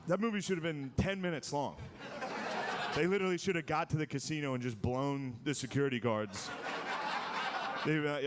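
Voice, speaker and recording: A man's voice: fairly high pitch, expressive, normal speed, long pauses, background noise. A man doing a stand-up comedy set on a club stage, talking loosely with lots of "like"s. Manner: loose, conversational delivery with many "like"s.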